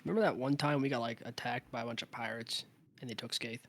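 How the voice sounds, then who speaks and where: Male player, quick, lively delivery, rambling banter. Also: medium pitch. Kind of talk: casual chat.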